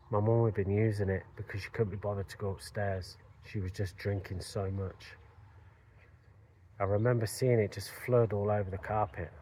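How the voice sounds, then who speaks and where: Man with a fairly low voice recounting a personal story, earnest and reflective. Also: a little mellow. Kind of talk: personal story told to camera.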